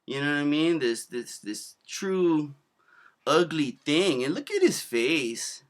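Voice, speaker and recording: A man's voice: on the high side, very animated, slow pace. A man in his thirties giving casual, rambling video commentary, slangy and profane, full of fillers. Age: 30s.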